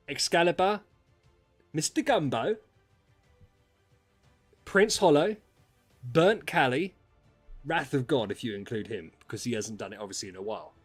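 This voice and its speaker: A man with a fairly high voice streams a casual chat with viewers, ranting and swearing as he drops into mutters and then rises to loud outbursts.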